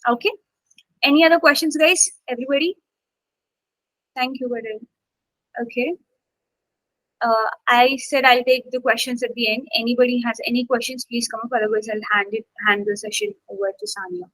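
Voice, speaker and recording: A woman's voice: a little high, moderate pace, long pauses, fairly bright tone, dry recording, low-quality recording. Woman teaching an online class, dry sound. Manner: encouraging, coaxing students with fillers. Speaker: English instructor.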